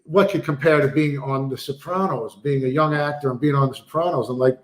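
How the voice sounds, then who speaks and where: A man's voice: mid-range voice, brisk, roomy sound. A man, an actor guest telling stories in a casual interview with lots of fillers. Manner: animated storyteller, many fillers. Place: remote video call.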